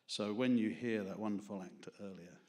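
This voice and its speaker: A man's voice: fairly low pitch, fairly quick, darkish tone. A man with a London accent doing self-deprecating, rambling stand-up and poetry at an open mic before a small studio audience, laughing at his own jokes. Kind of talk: stand-up comedy and poetry reading.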